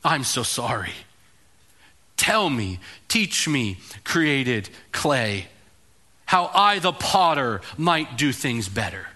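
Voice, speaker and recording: A man's voice: big pitch swings, takes it slowly, sharp tone, heavily acted. A man preaching who voices God as a mocking, roaring deity from the heavens. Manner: mocking, booming, theatrical.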